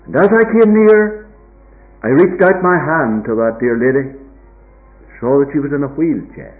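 An older man preaching a sermon, with a slow, dramatic delivery that rises high and drops to a hush. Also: faint music behind. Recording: tinny phone-like recording.

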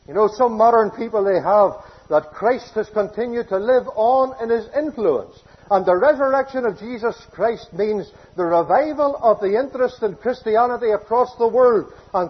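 A man preaching a sermon, emphatic, with loud declarations that drop to hushed phrases. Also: high voice, slightly rough. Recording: dull lo-fi sermon recording.

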